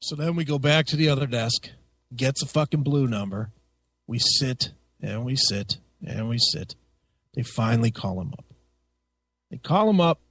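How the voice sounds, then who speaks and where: A man hosting a radio talk show, telling a story in a casual, profane and animated way. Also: medium pitch, moderate pace, no room sound. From United States. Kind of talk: casual chat.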